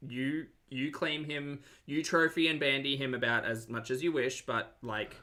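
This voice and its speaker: Bright-voiced sarcastic Australian man. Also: medium pitch, steady tone, normal speed. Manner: sarcastic, chatty, reads out super chats. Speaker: commentary channel host. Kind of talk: live-stream reaction commentary.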